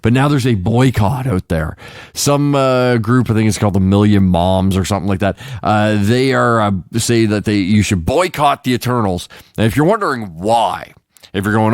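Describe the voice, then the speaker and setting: A man's voice: lowish voice, normal speed, dry recording, studio quality. Profane joking male show host. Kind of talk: casual comedic news roundup.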